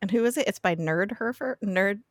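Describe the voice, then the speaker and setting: A woman recapping a TV episode as a podcast guest, chatty and quick to laugh. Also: medium pitch, dry recording, clean studio sound. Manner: giggly, chatty storytelling with frequent laughs. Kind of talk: casual chat.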